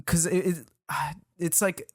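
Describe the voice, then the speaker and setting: A native French speaker in his twenties, with a French accent, guests on a podcast and tells a rambling, profane story in casual chat, laughing often. His voice is a little high and husky, with fairly even intonation and a slow pace, captured in a dry, studio-quality recording.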